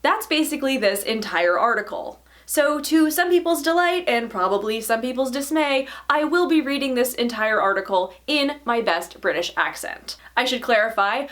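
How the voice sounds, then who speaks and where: A woman hosting a vegan vlog, talking in an animated, sarcastic way and laughing often. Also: on the high side. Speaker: vegan YouTube host. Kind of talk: casual vlog commentary.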